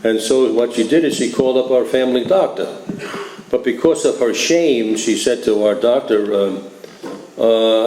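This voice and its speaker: An older man from New York tells a wry, chatty story to a meeting, his voice dark and mellow. The hall is echoey, with faint noise behind him. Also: medium pitch, normal speed. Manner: humorous, conversational, many "you know" and "right?". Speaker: AA speaker.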